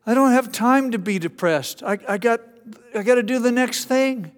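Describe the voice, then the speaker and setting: A man imitating an animated, high-voiced older male preacher. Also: normal speed, in a large hall. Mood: earnest, animated. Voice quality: high-pitched, excitable.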